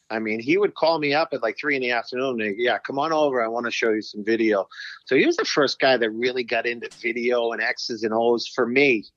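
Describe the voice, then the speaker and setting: Middle-aged man, salty raconteur, animated storyteller, muffled dry recording. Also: medium pitch, dry recording. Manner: profane, animated, acts out quotes. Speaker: guest, former pro hockey player. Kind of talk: casual storytelling interview.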